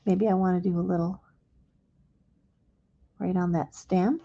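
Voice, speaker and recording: A woman hosting a live crafting demonstration and explaining each step gently and without hurry. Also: fairly low pitch, fairly even intonation, measured pace, vocal fry, muffled recording, slight background noise. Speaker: craft instructor.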